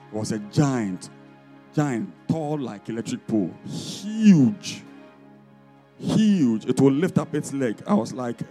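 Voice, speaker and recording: A man preaching as an apostle, leading fiery deliverance prayer with commanding, repeated decrees. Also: mid-range voice. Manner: commanding, repetitive decrees, rising to shouts.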